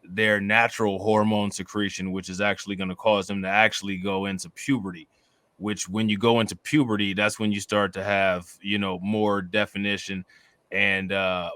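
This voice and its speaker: Guy cohost, lowish voice, bright tone, explains steadily, dry mic. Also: level tone, moderate pace, clean tone, no room sound. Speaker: co-host. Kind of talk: casual commentary chat.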